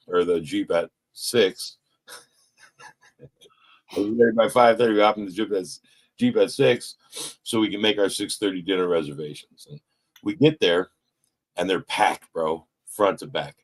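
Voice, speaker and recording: A man telling a personal story in casual, profane speech, acting out what people said to him. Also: sits low. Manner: profane, animated, retells with quoted voices. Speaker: person sharing at a recovery meeting.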